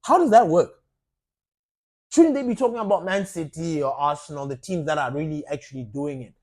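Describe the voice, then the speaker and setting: Man, football fan vlogger, husky voice, opinionated rant. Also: fairly high pitch, a little fast. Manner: animated, rhetorical questions, ranting. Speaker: football fan channel host.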